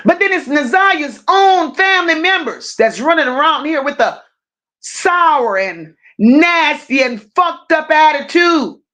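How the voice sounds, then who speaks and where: A woman hosts a live-stream true-crime commentary, ranting in an emphatic, confrontational way, pressing hard on stressed words and stopping to thank viewers in the chat. Her high voice is expressive with a fairly bright tone.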